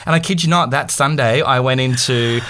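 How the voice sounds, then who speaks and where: A man's voice: medium pitch, brisk, a crowd in the background. A man in his thirties, a podcast co-host, telling a personal story in casual chat and acting out the people in it. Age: 30s. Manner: animated, acts out quoted voices.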